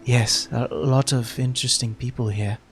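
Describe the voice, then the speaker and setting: A man voicing a shy young tiefling woman who speaks quietly and hesitantly. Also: mid-range voice, steady tone, moderate pace, faint music behind, close to an everyday voice.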